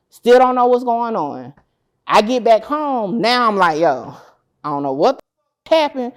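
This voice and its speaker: A woman in an interview seat tells a long story in a loose, casual way. She swears freely and slips into the voices of the people she is quoting, giving the tale an acted-out feel. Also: medium pitch. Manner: animated, acts out dialogue, swears freely. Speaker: interview guest, court-case content creator.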